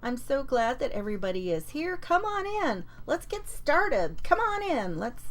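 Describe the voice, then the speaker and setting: Lively chatty woman hosting a craft demo. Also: sits high, normal speed, low-quality recording. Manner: chatty, greets viewers by name. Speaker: paper-craft host. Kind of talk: live craft demonstration. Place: home craft desk.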